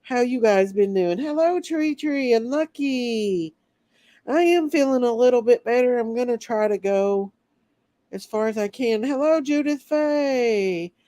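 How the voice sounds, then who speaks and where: Greeting her viewers by name one after another, a woman hosts a casual livestream while sick and recovering. Her fairly high voice is expressive and dark in tone, her pace measured, and there is no echo.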